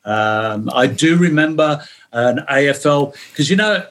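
An older man with an English accent, talking as a guest on a podcast. He tells stories in a relaxed, chatty way, often dropping in a quick "yeah" between thoughts. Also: fairly high pitch. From England. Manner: storytelling, chatty, peppers talk with "yeah". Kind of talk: podcast interview.

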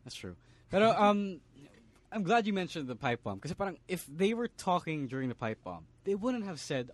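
A man's voice: high-pitched, big pitch swings, moderate pace. Chatty man mixing Tagalog. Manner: analytical, mixes Tagalog into English. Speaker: podcast co-host. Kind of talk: casual wrestling chat.

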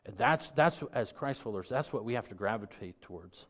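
Middle-aged male pastor, low voice, conversational sermon delivery rising to emphatic peaks. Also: lively intonation, moderate pace, hardly any pauses. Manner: conversational preaching that builds to loud emphatic peaks.

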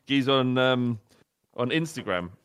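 A man's voice: medium pitch, animated, a little slow, a bit bright, clean tone. Chatty man on a podcast from home. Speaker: podcast co-host. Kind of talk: casual football podcast chat. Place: home office.

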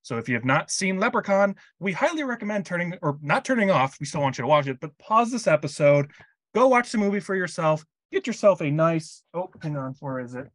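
A man's voice: a little high, big pitch swings, fairly quick, no room sound. A man hosting a casual movie review podcast, joking and upbeat, pushing his co-host for more energy.

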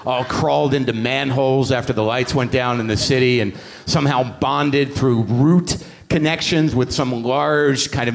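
A man hosting a live podcast on stage, telling a story in an animated, profane and self-deprecating way. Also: medium pitch, gravelly. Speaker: podcast host and comedian. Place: on stage at a live comedy show.

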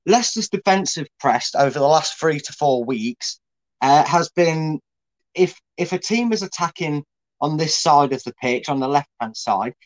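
A man with a slightly high voice, co-hosting a casual football chat. He talks through team tactics in a chatty way, often using fillers and restarting sentences as he explains. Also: expressive, normal speed, rough recording. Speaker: co-host, tactics analyst.

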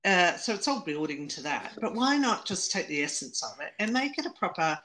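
Low-voiced woman giving frank film opinions. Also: very animated, fairly quick, sharp tone. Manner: opinionated, critical, laughs easily. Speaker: podcast co-host. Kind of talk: casual film review chat.

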